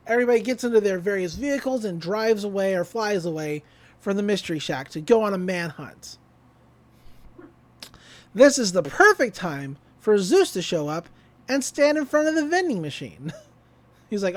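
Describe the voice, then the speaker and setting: A woman with a medium-pitched voice casually recaps a cartoon episode at normal speed. Her retelling is animated: she acts out the characters' lines and laughs often.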